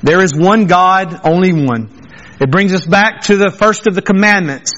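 A man's voice: high voice, moderate pace, a bit bright, lo-fi sound. A man preaching a sermon as pastor, earnest and emphatic, repeating phrases for weight. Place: church sanctuary.

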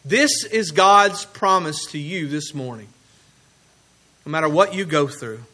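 A man preaching a sermon as pastor, earnest, slowing and dropping low on key words. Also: lively intonation, bright, forceful tone.

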